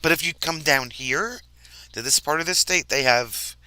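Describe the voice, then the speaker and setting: Hosting a casual livestream from an RV campground, a man from New Jersey near New York speaks at normal speed in a slightly high, sharp, clear, and resonant voice with no echo. He laughs often and tends to trail off mid-sentence.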